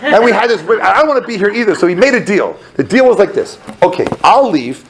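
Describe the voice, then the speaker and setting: A man in his thirties from the American South speaks as a rabbi, telling a personal story to a crowd. His voice sits a bit high and has a gravelly edge. He talks in a loose, animated way, full of fillers, and he slips into other people's voices as he acts out the dialogue. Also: quick pace, low-quality recording. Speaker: rabbi giving a talk. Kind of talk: storytelling talk to an audience.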